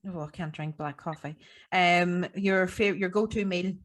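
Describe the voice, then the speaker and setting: A woman's voice: lowish voice, steady tone, a little slow. A young woman with a Northern Irish accent from the Tyrone border area, hosting a casual podcast interview, laughing often and using local expressions. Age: young adult. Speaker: podcast host and strongwoman.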